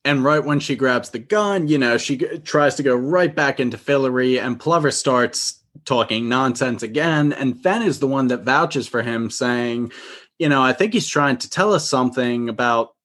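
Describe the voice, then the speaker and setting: A man's voice: medium pitch, moderate pace, fairly bright tone. A man co-hosting a casual show recap, enthusiastically retelling scenes. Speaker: podcast co-host.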